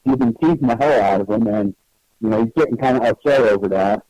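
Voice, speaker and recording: A man hosting an internet radio show, talking in a halting, teasing way with frequent restarts. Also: medium pitch, a crowd in the background, low-quality recording. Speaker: host. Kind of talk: casual radio chat.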